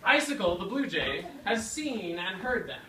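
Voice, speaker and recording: A woman's voice: medium pitch, sing-song, moderate pace, a bit bright. A woman directing and narrating a children's story play, guiding the young actors and feeding them their lines. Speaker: children's drama teacher. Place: rehearsal room with children. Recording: echoey room, distant mic, background noise.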